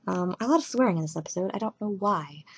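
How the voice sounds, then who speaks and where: A young woman talks loosely and at length about a show, jumping between thoughts with giggles and lively asides. Her voice sits at a middling pitch. She records casually at home on a webcam. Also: fast, creaky, husky. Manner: rambling, giggly, animated asides. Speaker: vlogger reviewing a TV episode. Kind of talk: casual rambling chat.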